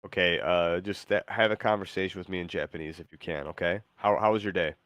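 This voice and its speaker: A man hosting a casual stream and talking to an AI, with a halting, filler-heavy delivery. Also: sits low, fairly even intonation, a bit bright, no room sound, lo-fi sound. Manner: halting, full of fillers and restarts. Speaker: streamer host.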